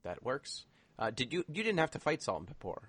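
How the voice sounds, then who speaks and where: A man's voice: on the high side, sing-song, a little fast, fairly bright tone, slightly rough, no echo. A man co-hosting a casual podcast chat, explaining things at length with lots of filler words. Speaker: podcast co-host.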